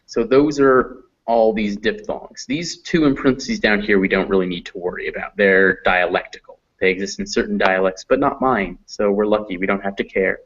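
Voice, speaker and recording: A man's voice: on the low side, steady tone, normal speed, hardly any pauses, fairly bright tone. A man teaching a phonetics class, patiently explaining sounds and drawing out example words. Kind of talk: classroom lesson. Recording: dull lo-fi recording.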